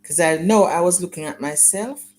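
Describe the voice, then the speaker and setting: A woman's voice: fairly low pitch, normal speed, darkish tone. A middle-aged woman giving an earnest, emotional personal testimony in an interview. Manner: earnest, emotional storytelling, acting out remembered dialogue. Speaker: guest sharing her life story.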